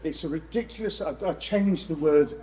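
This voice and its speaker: A man presenting to a room of landlords, lively and jokey with exasperated asides. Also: a little high, moderate pace, poor audio. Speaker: letting agent speaking at a landlord event. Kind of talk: live seminar presentation.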